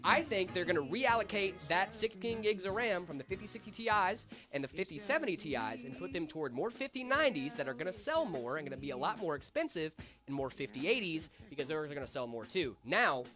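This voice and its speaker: A man's voice: a little high, very animated, a little fast, over music. A young man hosting a casual tech livestream, chatty and rambling, his voice a little off after being sick. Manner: chatty, rambling with fillers and asides to chat. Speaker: stream host.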